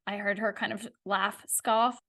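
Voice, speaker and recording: A woman's voice: mid-range voice, unhurried. A woman hosting a podcast, telling her own story in a candid, conversational way. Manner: candid, conversational, animated retelling. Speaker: podcast host. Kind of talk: personal storytelling monologue.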